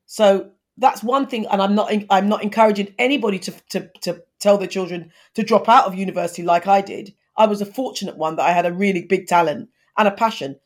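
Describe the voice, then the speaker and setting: A woman's voice: medium pitch, brisk, few pauses. A woman in her fifties, a guest in an interview, talking earnestly and giving advice, with frequent restarts. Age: 50s. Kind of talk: conversational interview.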